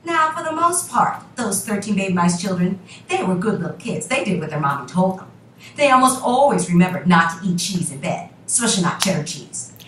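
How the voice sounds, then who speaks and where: A woman teacher telling a children's story to her class with drawn-out repeated emphasis. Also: mid-range voice, sing-song, a little hiss or hum. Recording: roomy classroom from a distance.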